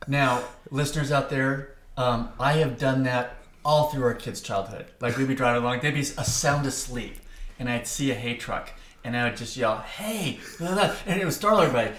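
A man's voice: medium pitch, fairly quick, a bit bright, echoey room. A middle-aged man co-hosting a podcast, telling rambling stories in casual chat and laughing often. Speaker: podcast co-host.

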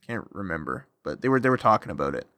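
A man's voice: low voice, big pitch swings, rapid-fire, pushed and bright, no room sound. A man hosting a casual motorsport podcast, talking loosely with lots of "like" and "you know". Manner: loose, chatty, lots of likes. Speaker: podcast host.

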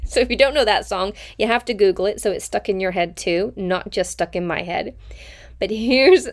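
A woman's voice: mid-range voice, normal speed. A woman hosting a self-help podcast, talking in an upbeat, encouraging way and laughing often. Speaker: podcast host.

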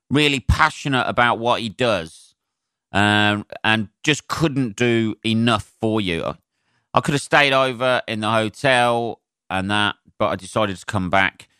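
A man's voice: mid-range voice, sharp tone, clean tone, dry recording. A man, a comedian hosting his own podcast, chatting on his own in a rambling, sweary way with lots of ums, close to the mic. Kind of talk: casual solo podcast monologue.

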